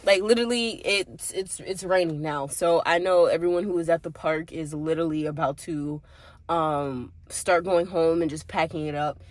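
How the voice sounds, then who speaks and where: A woman's voice: low-pitched, moderate pace, dry recording. Chatty woman vlogging to her viewers. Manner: chatty, talks straight to viewers. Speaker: small business owner. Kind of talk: casual vlog narration. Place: outdoors at a park and in a car.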